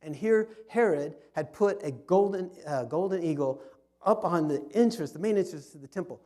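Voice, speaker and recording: Man, club history talk, slightly high mellow voice, storyteller who restarts phrases. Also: animated, normal speed. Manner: storytelling with frequent restarts and repetitions. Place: fellowship hall.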